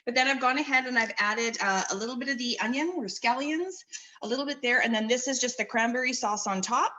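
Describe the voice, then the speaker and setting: A woman giving a casual cooking demonstration in a community kitchen, relaxed as she explains each step. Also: a little high, fast talker.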